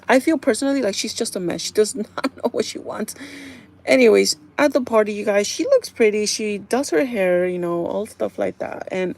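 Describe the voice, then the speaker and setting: A woman's voice: medium pitch, gravelly, darkish tone. A woman hosting a livestream, chatting casually to her viewers and acting out bits of dialogue as she retells a story. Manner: chatty, addresses viewers as "you guys"; acts out characters' lines in quotes. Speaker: livestream host. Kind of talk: casual chat recapping a TV show.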